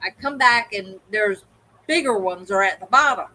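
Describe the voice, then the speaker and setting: A woman co-hosting a livestream, telling an animated story in casual chat and acting out the voices of the people in it. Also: mid-range voice, moderate pace, poor audio. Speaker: co-host.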